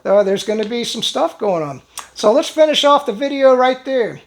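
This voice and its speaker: Rambling woman vlogger, fairly high voice. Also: animated, normal speed. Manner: rambling, with frequent fillers and restarts; chuckles while talking. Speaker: channel host. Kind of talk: casual vlog commentary.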